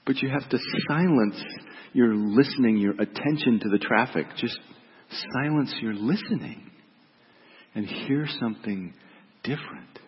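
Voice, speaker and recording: A middle-aged man, a pastor, giving a reflective, gentle sermon and dropping softly on key words. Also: mid-range voice, animated, unhurried, a little hiss or hum. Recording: dull reverberant hall recording.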